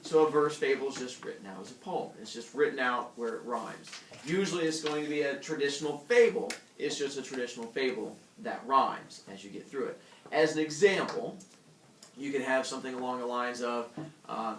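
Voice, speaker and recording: A man's voice: medium pitch, brisk, slight background noise. A young male teacher lecturing a class, joking and acting out characters in silly voices. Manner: jokey, acts out animal characters in funny voices. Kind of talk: classroom lecture with playful storytelling. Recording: echoey classroom from far off.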